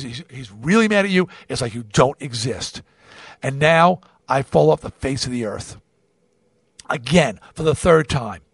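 A man spins a confessional story with a pitch that swings up and down, sitting a bit high for a man. He restarts and repeats himself as he goes, acting out the people in it. The sound is dry and close. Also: no room sound. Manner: animated, repeats words, restarts, acts out quotes. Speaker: podcast host.

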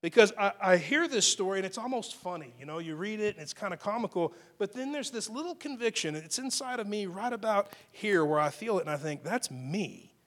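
A man preaching a sermon as pastor, conversational and personal, with many restarts and sudden swings in loudness. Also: high-pitched, animated, quick pace, hardly any pauses.

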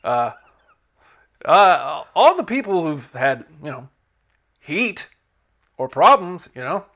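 A man doing a loud fatherly wrestling mentor. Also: fairly high pitch, big pitch swings, takes it slowly, heavily acted. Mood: paternal. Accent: attempted British. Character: male wrestling mentor giving calm guidance.

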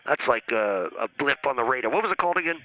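A man's voice: medium pitch, animated, fast talker. A man calling in to a comedy show, rambling and needling, with many hesitant uhs. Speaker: phone-in guest. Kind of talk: comedic phone banter. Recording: muffled call-in line with faint noise.

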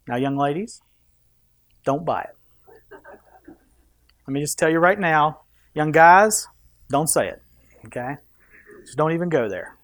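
A man's voice: fairly high pitch, measured pace, long pauses, a bit bright, no room sound, clean studio sound. A man preaching a sermon in a conversational, joking manner to his congregation. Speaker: pastor.

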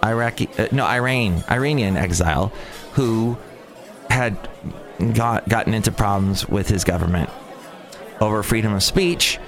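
A man hosting a solo podcast, rambling in an animated, exasperated way and going off on tangents. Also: on the low side, normal speed. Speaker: podcast host. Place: outdoors by a cafe.

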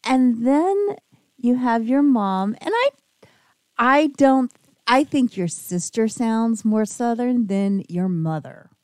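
A woman co-hosting a casual podcast, her voice somewhat higher and mellow in tone. She talks at an unhurried pace in a teasing, chatty way, close and dry on her mic. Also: expressive, no echo. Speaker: co-host. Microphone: dry podcast mic, turned away from camera.

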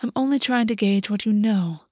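A woman voicing a stern fey man who is a tender but commanding lover, speaking in a measured, quietly intense way. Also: mid-range voice, no echo, clean studio sound, lightly acted. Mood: intent. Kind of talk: audiobook reading.

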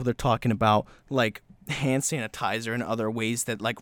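A man hosting a solo podcast, rambling and self-mocking, slightly breathless, slipping into quick voiced bits. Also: on the high side, no room sound. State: slightly breathless from talking fast. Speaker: podcast host.

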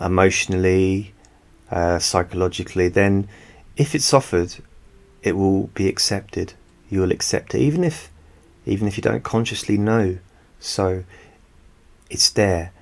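Soft-spoken, very low-voiced man. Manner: soft, unhurried, rambling. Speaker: hypnotist. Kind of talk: soft-spoken talk to listeners. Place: home, quiet room. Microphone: studio microphone.

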